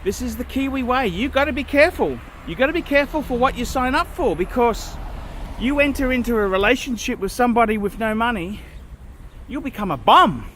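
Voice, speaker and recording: A man's voice: very high voice, lively intonation, brisk, fairly bright tone. A man vlogging outdoors, talking in a blunt, repetitive, cynical way, with faint traffic noise around him. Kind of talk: casual vlog monologue. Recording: faint street and car noise.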